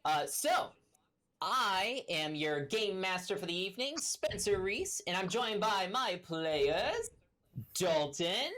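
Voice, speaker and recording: A woman's voice: medium pitch, very animated, slow, fairly bright tone. A woman hosting a tabletop game stream as game master, rambling with many fillers and restarts. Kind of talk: casual stream talk.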